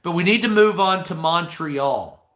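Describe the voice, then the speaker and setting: A man from the United States runs a livestream, telling meandering stories peppered with swearing and talking back to his chat. His voice is high, animated, and unhurried, with a fairly bright tone, and the recording is reverberant.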